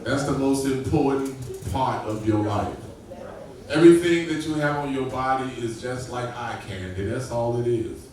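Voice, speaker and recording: A man doing a crude stand-up comedy set, telling stories and using loud high-pitched voices for the people he quotes. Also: normal speed, crowd noise. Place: club stage before an audience. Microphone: far camera. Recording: echoey room from far off, loud ambience.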